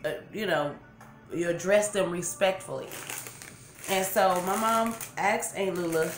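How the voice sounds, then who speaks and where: Rambling eating-show vlogger, woman in her 40s, lowish voice, roomy sound. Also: a little slow. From Los Angeles. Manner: rambling, chatty, self-correcting. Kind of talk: storytelling while eating on camera. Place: room at home, seated in a chair. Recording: roomy room with faint background music.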